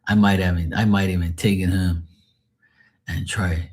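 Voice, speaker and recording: A low-voiced man hosts a live stream and chats to his viewers about food and his day. He swears freely, rambles, and laughs often, in an easygoing, unpolished way. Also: steady tone, normal speed, a little mellow. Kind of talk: casual live-stream chat.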